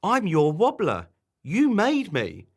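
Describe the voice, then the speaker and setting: A man's voice: high voice, huge pitch swings, takes it slowly, breathy edge, voice pushed up, exaggerated voice. A man voicing a cheerful, shapeless mood creature in a bedtime storybook, chirpy and copying everything said to it. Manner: chirpy, mimicking.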